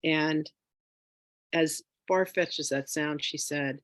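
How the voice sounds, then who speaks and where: A woman telling a personal story in a casual, animated way as a spiritual wealth teacher, with lots of fillers. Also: sits low, takes it slowly, dry recording. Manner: animated, chatty, with frequent fillers; emotional, near tears.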